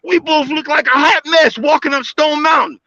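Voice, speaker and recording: A man on a livestream call telling casual stories, animated, acting out quotes with big jumps in his voice. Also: extremely high pitch, moderate pace, vocal fry, no room sound. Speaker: guest speaker on a livestream call. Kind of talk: casual storytelling. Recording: dull lo-fi livestream audio.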